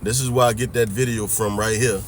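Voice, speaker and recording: A man's voice: fairly low pitch, fairly even intonation, a little fast, slight background noise. A man giving a ranting, preachy commentary monologue that mixes in profanity and keeps asking whether the listener hears him. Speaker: religious commentary vlogger.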